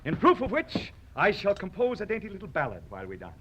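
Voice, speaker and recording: A man's voice: sits high, huge pitch swings, fast, background noise. An actor playing a proud, mocking poet swordsman with a huge nose, declaiming in theatrical old radio-drama style. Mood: gleeful. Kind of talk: vintage radio drama acting.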